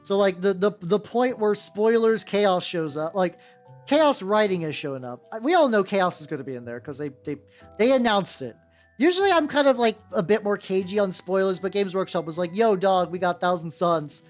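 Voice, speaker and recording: A high-voiced, very animated man paints miniatures while streaming as a VTuber, speaking at a moderate pace over soft background music. He chats casually and rambles, stumbling over words as he corrects himself.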